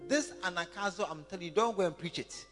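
A man preaching a sermon through an interpreter, with an animated delivery that acts out little scenes. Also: high voice, fast. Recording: echoey hall with faint music.

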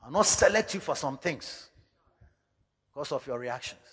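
Animated preaching man in an echoing hall. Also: mid-range voice, moderate pace, slightly rough. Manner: animated preaching, mixing in local-language phrases, sudden shouts. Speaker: pastor. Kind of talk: sermon.

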